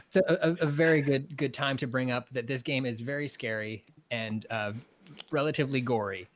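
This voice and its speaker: A man co-hosting a casual game stream, relaxed and laid-back as he tells a story. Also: mid-range voice, brisk, no room sound. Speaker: co-host. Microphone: headset over voice chat.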